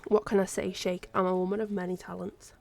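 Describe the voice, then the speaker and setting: A woman's voice: lowish voice, flat delivery, fairly quick, vocal fry. A young woman chatting casually on a live stream, bubbly and rambling, with a sore throat. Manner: chatty, bubbly, drifts into whispers.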